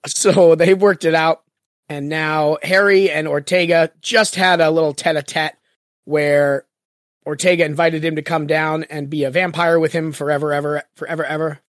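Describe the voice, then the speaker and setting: Podcast host, mid pitch, dry close sound, rambling and jokey. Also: fairly even intonation, normal speed, no echo. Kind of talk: casual chat.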